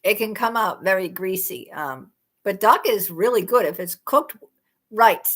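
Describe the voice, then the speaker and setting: Chatty woman, lively and bright. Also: medium pitch, unhurried. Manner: chatty, rambling, exclaims in disbelief. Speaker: livestream host. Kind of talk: casual live chat.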